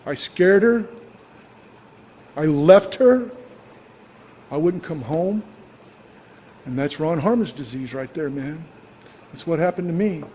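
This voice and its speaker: A man's voice: fairly high pitch, a little mellow, breathy edge, long reverb tail. An older man telling his personal story to a recovery meeting, plainspoken and rambling, with lots of fillers. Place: club meeting hall.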